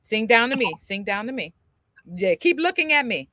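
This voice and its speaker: A woman's voice: fairly high pitch, sing-song, moderate pace, pushed and bright, no echo, studio quality. A woman voice teacher giving a live online singing lesson over a video call, demonstrating and encouraging her student with frequent laughs.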